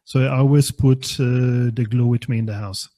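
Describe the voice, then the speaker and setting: A man from Slovenia, a guest speaking in a halting, casual way with many fillers. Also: mid-range voice, steady tone, dark tone. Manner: slow, halting, non-native English with many fillers. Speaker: guest maker. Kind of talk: casual chat.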